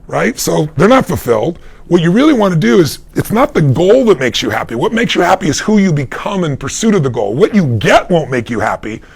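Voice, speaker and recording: A middle-aged man with a gravelly, somewhat high voice coaches a live audience on life. He talks with emphatic energy and acts out the voices of the people in his stories. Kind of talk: live Q&A advice talk.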